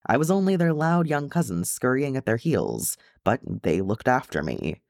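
A man voicing a brash, earnest young male dwarf in a storybook reading, speaking with raised, impassioned pitch. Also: sing-song, moderate pace, a little mellow, no room sound, clean studio sound. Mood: fond.

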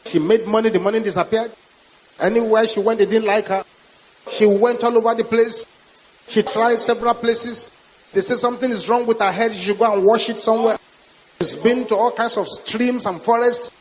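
A man's voice: high voice, fairly even intonation, moderate pace. A man with a Nigerian accent preaching a sermon as a pastor, with emphatic, repetitive declarations. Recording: reverberant hall with faint hiss.

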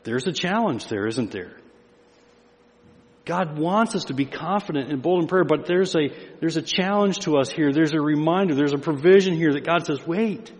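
A man's voice: animated, moderate pace. Preaching older man in a hall. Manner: emphatic preaching, rising in pitch and volume on key phrases. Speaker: pastor. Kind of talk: sermon.

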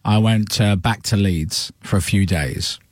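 A man's voice: on the low side, measured pace, dry recording, clean studio sound. A man hosting, chatting and teasing his guest while telling stories. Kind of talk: casual chat.

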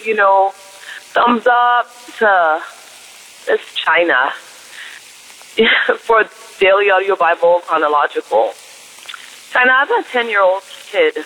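A middle-aged man phones in a fervent prayer and a message of thanks. His voice sits unusually high and sounds bright and forceful, rising and falling with emotion. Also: low-quality recording. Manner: fervent, voice swinging high and low. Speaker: caller.

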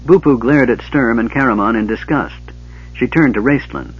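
A man narrating a fantasy novel in a measured, even storytelling style. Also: mid-range voice, husky. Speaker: audiobook narrator. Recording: dull lo-fi audiobook recording.

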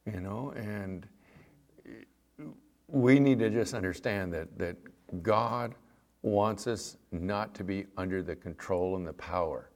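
A man's voice: low-pitched, slow pace, a little mellow. A middle-aged man preaching a sermon, talking in a conversational, folksy way and telling stories from his own life. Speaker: pastor.

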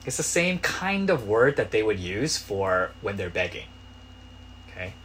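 Male pastor, sermon, low-pitched voice, chatty delivery that climbs into impassioned shouts, faint hum behind. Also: sing-song, unhurried. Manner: conversational preaching that swells to loud pleading cries.

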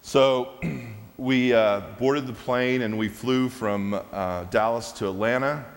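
A man telling a personal testimony during a church service, animated and laughing at his own story. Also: medium pitch, takes it slowly. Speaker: preacher sharing a testimony. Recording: long hall reverb.

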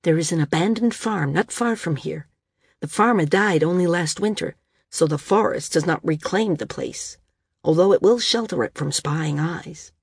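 A woman reader voicing a calm, earnest male healer in a storybook reading, low and husky. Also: normal speed, dry recording, studio quality. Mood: earnest, firm. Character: gentle, steady male healer, young adult.

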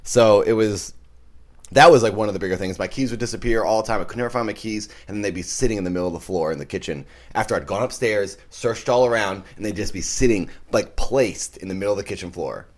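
A man's voice: on the low side, quick pace. A man hosting a casual chat, telling rambling ghost stories with many restarts. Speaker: podcast host.

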